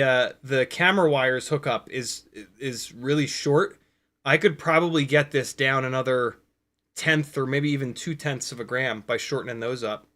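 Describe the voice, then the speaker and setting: A fairly high, bright-voiced man chats through a hobby livestream. He gets excited and curses casually, breaking off and restarting sentences as he works at his bench. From United States. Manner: excitable, profane, rambling with restarts. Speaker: FPV drone livestream host. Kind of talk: casual hobby livestream, hands-on soldering demo.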